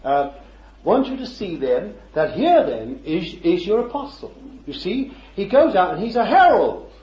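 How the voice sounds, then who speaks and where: An unhurried, very animated man with a high, slightly mellow voice preaches conversationally, peppering the sermon with rhetorical questions and chuckles. The sound is roomy, dull and lo-fi.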